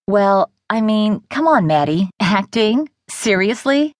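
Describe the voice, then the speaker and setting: A woman's voice: mid-range voice, big pitch swings, slow, no echo, clean studio sound. A woman narrator voicing a young woman, a blunt, patronizing best friend, in an audiobook. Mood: condescending. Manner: dismissive, patronizing. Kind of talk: audiobook character voice.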